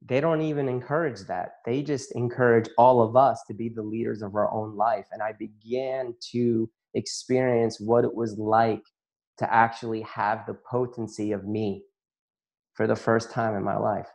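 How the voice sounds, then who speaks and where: A man's voice: lowish voice, steady tone, normal speed, darkish tone. A man who works as a chiropractor and facilitator, giving an earnest, emotional personal testimony to an audience and often breaking into laughter.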